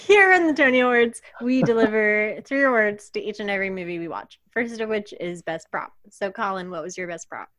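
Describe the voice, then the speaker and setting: A woman's voice: medium pitch, lively intonation, a little fast, hardly any pauses, a bit bright. A woman hosts a casual comedy podcast and trades blunt, bawdy jokes with friends. Her voice sounds close and dry, without room echo. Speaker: podcast host.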